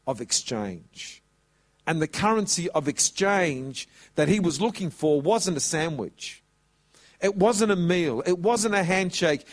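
A man preaching a sermon, telling a story and stretching out words for emphasis. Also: high voice. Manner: animated, drawn-out emphasis.

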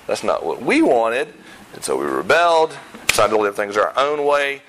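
A pastor preaching a sermon in a conversational way, with self-deprecating humor and emphatic repetition of key points. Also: male voice, medium pitch, very animated, moderate pace, fairly bright tone, slight background noise, low-quality recording. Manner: emphatic, repeats key phrases.

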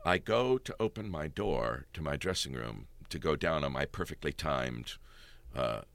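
A middle-aged stage actor telling backstage stories in casual chat, animated and often laughing. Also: male voice, very deep voice, moderate pace, no echo.

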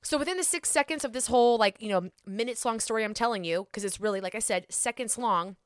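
Animated woman telling a story. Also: a little high, fast talker, clean tone, no room sound, studio quality. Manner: animated, self-mocking, lots of "like". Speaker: podcast host. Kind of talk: casual storytelling monologue. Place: Atlanta.

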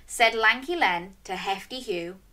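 A woman's voice: mid-range voice, takes it slowly, sharp tone. A woman hosting a storytime for young children, reading a picture book aloud and coaxing listeners to join in with animal sounds.

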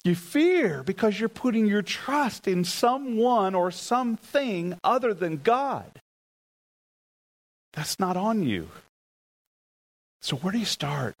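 A man preaching a sermon, emphatic and repetitive, leading the congregation in call-and-response and telling stories with animated excitement. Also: breathy edge, low-quality recording. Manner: emphatic, repeats key phrases, leads the congregation in call-and-response; animated storytelling with rising pitch when excited. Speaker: pastor.

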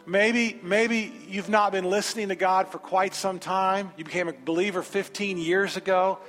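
A man preaching a sermon in a large church sanctuary, telling a personal story with animated energy and then moving into an emphatic altar call. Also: high voice, normal speed. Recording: reverberant sanctuary with faint music.

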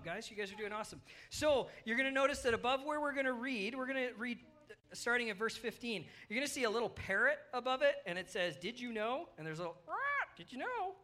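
Bright, upbeat children's pastor. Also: medium pitch. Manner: playful, upbeat, coaxing kids along. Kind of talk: children's sermon to kids and adults. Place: church service.

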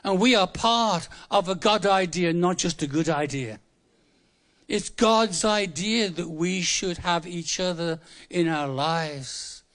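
A man's voice: high-pitched, slow, fairly bright tone. A seventy-five-year-old man from England giving a humorous, conversational sermon in church, repeating words for emphasis. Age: 70s. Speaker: preacher.

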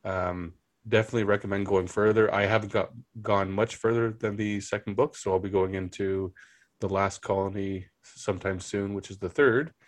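A man in a casual book chat, speaking softly and relaxed. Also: lowish voice, moderate pace, dry recording.

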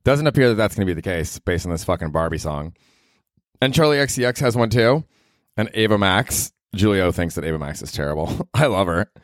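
Low-voiced man rambling on a podcast. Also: animated, fairly quick, no echo, studio quality. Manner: rambling, profane, self-mocking. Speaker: podcast host. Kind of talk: casual comedic monologue.

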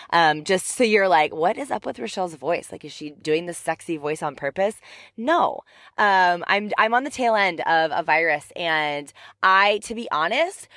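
A woman hosting her own podcast, talking in an upbeat, chatty, motivational way. Her voice is raspy from the tail end of a cough, and she is recording in her parked car on a headset mic. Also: on the low side, fairly bright tone, no echo, clean studio sound. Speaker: podcast host and life coach. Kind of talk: energetic motivational podcast talk. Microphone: headphones with mic.

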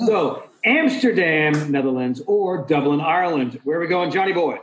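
A man's voice: a little high, lively intonation, normal speed, roomy sound, a little hiss or hum, rough recording. A man hosting a casual chat with friends, running a game in a playful, joking emcee manner. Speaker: podcast host.

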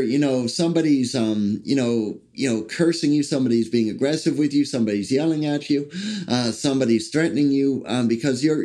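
A man with a warm, mid-range voice preaches a sermon haltingly, full of fillers and restarts, and slows down when reading scripture aloud.

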